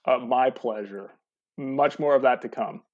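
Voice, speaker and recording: A male podcast guest talks wryly and hesitantly, with plenty of ums. His pitch sits in the middle, and his remote line sounds slightly dull and lo-fi. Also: unhurried. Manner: wry, hesitant with many ums. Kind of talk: casual podcast chat. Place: home, recording remotely.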